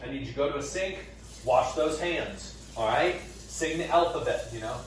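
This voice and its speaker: A young man teaching an energetic class, counting reps aloud and checking in with "all right?" throughout. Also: mid-range voice, moderate pace, distant mic, slight background noise. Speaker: PE teacher leading a workout and recipe. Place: indoors, gym then home kitchen. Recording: very echoey room, voice a bit off-mic.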